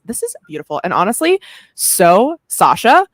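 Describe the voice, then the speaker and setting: A woman's voice: lowish voice, big pitch swings, fairly quick, no echo. A woman co-hosting a casual podcast over a video call, laughing often and reading tarot card meanings aloud. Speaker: podcast co-host.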